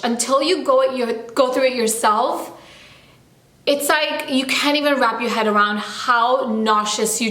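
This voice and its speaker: A woman's voice: fairly high pitch, fairly bright tone. A young woman vlogging in a casual, bubbly chat to camera, rambling and full of fillers. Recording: echoey room.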